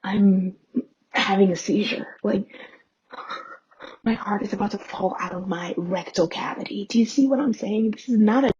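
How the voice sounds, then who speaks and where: Raspy whispery woman being dramatic, muffled lo-fi audio. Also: mid-range voice, steady tone, moderate pace, a little mellow. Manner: dramatic, breathy half-whispers. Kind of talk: comic monologue, half whispered. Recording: dull lo-fi sound.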